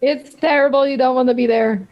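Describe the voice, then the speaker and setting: A woman's voice: sits high, steady tone, brisk, highs cut off, soft background music. A woman playing her character in a tabletop game, teasing and giggly in tone. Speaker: player voicing her character. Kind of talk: in-character tabletop role-play.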